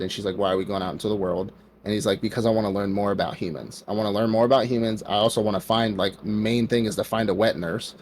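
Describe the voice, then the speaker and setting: A faint hiss or hum sits under this man's fairly low, darkish voice. On a podcast he co-hosts, he casually retells an anime plot, playing out the characters' quotes and using "like" as a frequent filler.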